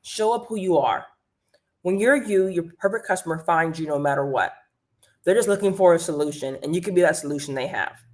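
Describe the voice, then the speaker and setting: A woman hosting a live stream, giving an energetic motivational pep talk about earning extra income and greeting viewers in the chat by name. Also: lowish voice, brisk. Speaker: livestream host and business coach. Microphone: streaming mic.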